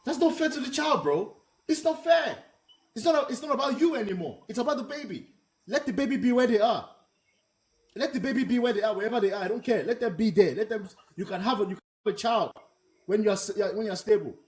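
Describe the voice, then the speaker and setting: A man with a high voice leads a live panel discussion. He talks bluntly and with heat, hammering his points home by saying them again and again. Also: fast, a little mellow. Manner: blunt, emphatic, repeats himself. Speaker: host.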